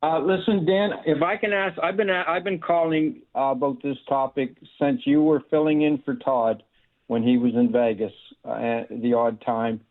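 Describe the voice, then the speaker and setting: A man's voice: medium pitch, level tone, normal speed. A man calling into a radio show, setting out a long hypothetical question step by step, with hesitant fillers. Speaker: caller. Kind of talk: phone-in question. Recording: tinny phone line.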